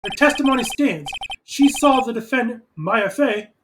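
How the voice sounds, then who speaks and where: Formal icy male prosecutor, measured and exact; woman reads. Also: fairly high pitch, expressive, background noise, lightly acted. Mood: cold. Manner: formal, cold, precise.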